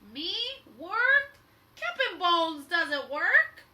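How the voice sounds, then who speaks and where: A woman reading aloud, voicing a greedy, bossy male pirate captain who shouts and growls his lines. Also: on the high side, very animated, slow, full character voice. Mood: gruff, bossy. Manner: shouted, gruff.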